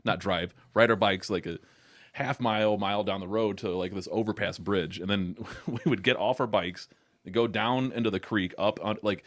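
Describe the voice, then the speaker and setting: A man with a fairly low voice, recorded dry and close, tells a story among friends. He stumbles over his words and laughs as he goes. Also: fairly even intonation, moderate pace, no room sound. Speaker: podcast guest. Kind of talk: casual chat.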